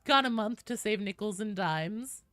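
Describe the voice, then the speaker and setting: A woman's voice: mid-range voice, animated, normal speed, bright, forceful tone, dry recording. A young woman streaming a game from her home office, chatting casually with her viewers and reading out the queue. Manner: chatty, talks to chat and her cat. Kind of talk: casual live-stream chat. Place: home office with door closed.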